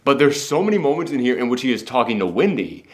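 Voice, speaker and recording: A young man co-hosting a casual film review, talking fast and loose and slipping into mocking voices of characters. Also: mid-range voice. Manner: animated, jumps into mocking impressions. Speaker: podcast co-host. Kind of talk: casual movie review chat.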